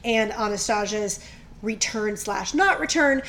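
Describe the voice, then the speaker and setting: A woman in her thirties co-hosting a podcast, chatting excitably and gushing. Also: medium pitch, a little slow, slight background noise. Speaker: podcast co-host. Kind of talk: casual chat.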